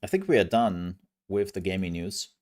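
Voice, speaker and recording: A man's voice: sits low, very animated, moderate pace, darkish tone. A man streaming, chatting casually with viewers in a rambling, self-mocking way. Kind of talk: casual live-stream chat.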